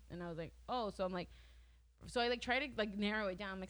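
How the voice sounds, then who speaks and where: A woman's voice: mid-range voice, quick pace, fairly bright tone. A young woman in her twenties chatting casually as a podcast co-host, telling stories with lots of filler words and easy laughter. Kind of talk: casual chat.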